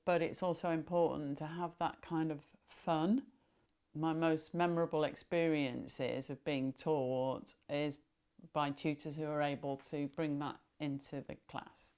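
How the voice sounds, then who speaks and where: A woman tutor speaks slowly and patiently, her voice sitting a little low. She repeats words so her class can copy them. The sound carries a long reverb in a classroom, with faint guitar music behind. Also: fairly even intonation, a little mellow, clean tone. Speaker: Welsh language tutor. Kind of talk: teaching a beginners' class.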